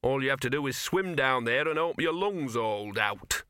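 A man's voice: mid-range voice, animated, moderate pace, pushed and bright, clear, resonant tone, no echo, clean studio sound. A man reading aloud and voicing a grudging, streetwise male talking dog in an audiobook.

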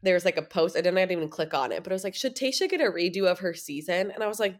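A woman's voice: fairly low pitch, expressive, racing. A young woman with a cold, a bit sniffly, co-hosting a podcast in a laid-back, playful casual chat. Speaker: podcast co-host.

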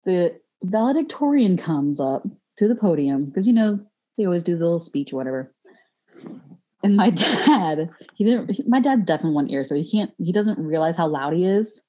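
A woman's voice: on the low side, expressive, normal speed, warm tone, highs cut off. A woman telling stories as a podcast guest, rambling with fillers and laughing often. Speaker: podcast guest, gym teacher. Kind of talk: casual chat, storytelling.

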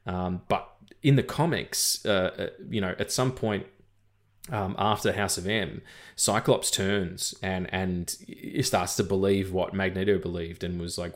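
A man's voice: low voice, steady tone, a little slow. A man in his thirties co-hosting a casual film podcast, rambling with many fillers and swearing. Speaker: podcast co-host.

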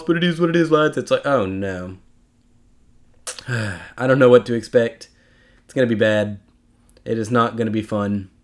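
A young man hosting a casual solo podcast, rambling and chatty with self-mocking asides. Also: medium pitch. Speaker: podcast host.

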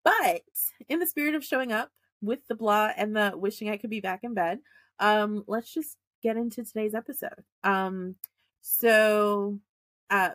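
A woman co-hosting a podcast in casual chat, animated and quick to laugh as she tells stories. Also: medium pitch, no echo. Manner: chatty, laughs often, animated storytelling. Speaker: podcast co-host.

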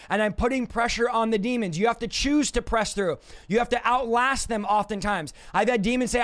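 A man preaching on a livestream, emphatic and confrontational, repeating his points for force. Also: very high-pitched. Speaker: deliverance preacher. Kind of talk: livestream teaching.

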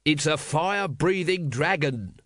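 A male narrator voicing a gloomy, exasperated watch captain who shouts in disbelief. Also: medium pitch, expressive, moderate pace, no room sound, studio quality, close to an everyday voice. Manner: exasperated outbursts.

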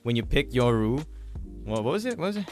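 A man hosting a casual chat, telling stories in an animated, halting way with many restarts. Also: mid-range voice, soft background music.

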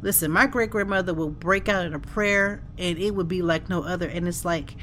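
A woman's voice: on the low side, fairly quick, a bit bright, a little hiss or hum. A middle-aged woman hosting a podcast from her home office, talking in a heartfelt, conversational way. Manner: heartfelt, conversational, with frequent "like" and "you know". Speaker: podcast host. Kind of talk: reflective podcast monologue.

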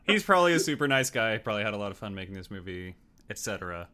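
A man on a movie podcast with a lowish voice that swoops up and down a lot. His tone is bright and forceful, and he's sarcastic and laughs easily, tossing in "man" along the way. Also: very animated, racing. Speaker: podcast co-host. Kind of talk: casual chat.

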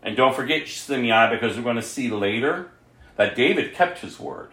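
A man's voice: mid-range voice, lively intonation, moderate pace, fairly bright tone, echoey room. A man preaching a sermon, reading scripture aloud and breaking off to explain it conversationally.

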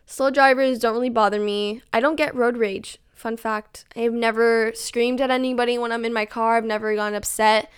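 A young woman with a higher-pitched, clean voice chats casually on her solo podcast, rambling and saying "like" constantly. She pokes fun at herself, speaking at a moderate pace with fairly even intonation and few pauses.

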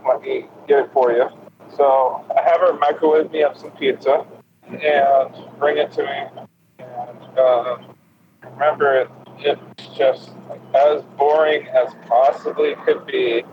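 A young man casually telling a crude, profane story to friends, laughing often and acting out what people said. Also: medium pitch. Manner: profane, laughing, acts out quotes. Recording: lo-fi with loud noise.

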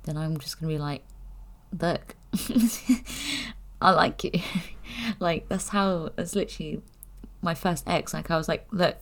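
A woman's voice: on the low side, slow, pauses often. A young woman chatting candidly to camera, rambling and giggling as she talks. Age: young adult. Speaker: vlogger. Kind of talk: casual chat.

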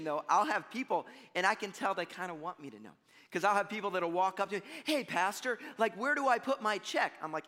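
A man preaching a sermon as pastor, talking conversationally to his congregation and acting out what people say. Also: high-pitched. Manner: conversational, animated, acts out mock voices. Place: church sanctuary. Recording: long reverb of a church hall.

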